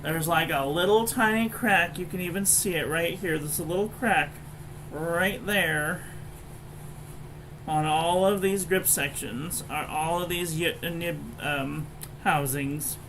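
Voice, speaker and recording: A woman's voice: fairly low pitch, slow, fairly bright tone, slight background noise, rough recording. A woman giving a casual, blunt and frankly profane review of pens and paper. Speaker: stationery reviewer.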